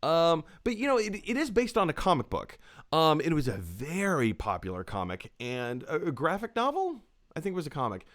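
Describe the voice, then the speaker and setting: A man's voice: a little high, huge pitch swings, fairly quick, a bit bright. A man hosting a casual film-chat show, talking in an upbeat, chatty way with plenty of fillers. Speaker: host.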